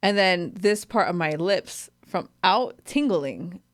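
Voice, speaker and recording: A woman in her thirties hosting a podcast, telling a personal story in a candid, animated way, swearing freely and acting out what others said. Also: on the low side, slow pace, no echo, studio quality. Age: 30s. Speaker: podcast host. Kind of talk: casual storytelling chat.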